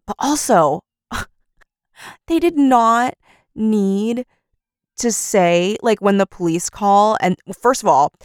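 A young woman co-hosting a casual book podcast, lively, acting out characters in quick put-on voices and laughing often. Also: mid-range voice, clean tone, no echo, studio quality. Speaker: podcast co-host. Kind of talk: casual book-club chat.

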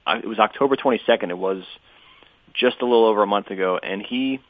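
A man who works on the show as producer, recounting details in a casual, measured podcast conversation. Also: fairly low pitch, no echo. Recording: tinny phone-like line, dry.

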